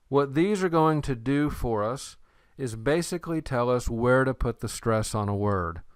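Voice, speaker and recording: A man's voice: mid-range voice, fairly bright tone, smooth, no echo, clean studio sound. A man teaching an introductory Greek lesson, explaining patiently with playful memory tricks. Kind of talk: recorded lecture.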